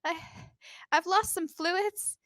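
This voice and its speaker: Woman playing injured young woman, gentle, hesitant, high voice, dry sound. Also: steady tone, slow, dry recording, full character voice. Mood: pleading. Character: weary injured young woman, pleading softly.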